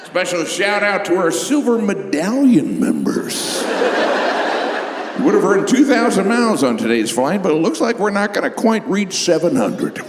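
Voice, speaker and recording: A man's voice: high-pitched, sing-song, normal speed, voice pushed up. A man voicing a breezy, cheerful male airline pilot making intercom announcements. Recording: echoey hall, noisy live room.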